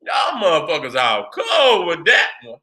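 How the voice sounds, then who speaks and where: High, bright-voiced man lecturing profanely. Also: moderate pace. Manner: profane, emphatic, keeps asking "you see what I'm saying". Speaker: channel host. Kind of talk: heated lecture on symbolism.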